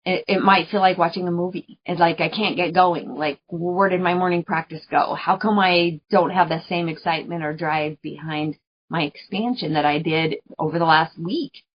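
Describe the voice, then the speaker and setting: A woman with a slightly low voice talks through a spiritual coaching monologue on her podcast. She is chatty and earnest, laughs often and repeats phrases for emphasis. The recording sounds dull and lo-fi. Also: fairly even intonation, moderate pace. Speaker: podcast host.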